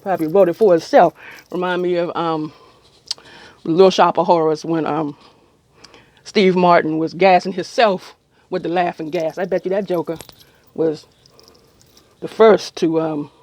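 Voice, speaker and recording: A woman's voice: on the low side, steady tone, a little slow, long pauses, darkish tone, dry recording. Rambling middle-aged woman storyteller. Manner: long-winded, rambling with many ums. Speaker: vlogger. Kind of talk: casual storytelling to camera.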